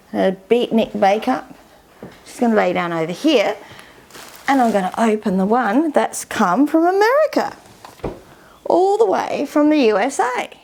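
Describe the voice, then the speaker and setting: A woman, chatting casually through an unboxing in a rambling, unhurried way. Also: mid-range voice, a little mellow. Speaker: vlogger.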